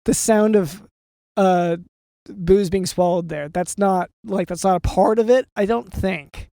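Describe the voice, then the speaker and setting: A man hosting a comedy podcast, talking in a hesitant, halting way. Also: sits high, vocal fry, mellow, no echo, clean studio sound. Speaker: podcast host.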